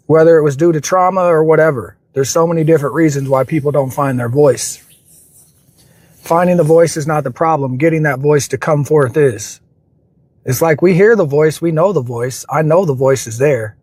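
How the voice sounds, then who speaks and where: A man's voice: fairly high pitch, darkish tone, no room sound. A man with a slightly raised voice hosts a livestream and gives a reflective, motivational talk. He speaks earnestly and often loops back to repeat his phrases, and the sound is close and dry. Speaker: livestream host.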